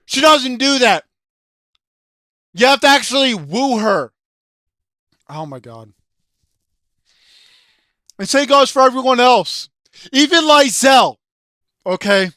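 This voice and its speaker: A game commentator rants in anger with a high voice, swearing and yelling often. The delivery is slow and heavy, and the throat is sore from shouting. The sound is dry and close. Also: expressive, dry recording. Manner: profane, yelling, sarcastic. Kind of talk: angry commentary rant.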